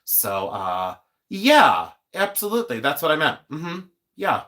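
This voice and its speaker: A man's voice: a little high, wildly swooping pitch, measured pace, sharp tone. A man in his fifties hosting a live stream, telling stories in a chatty, joking way. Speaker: host. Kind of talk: casual live-stream chat.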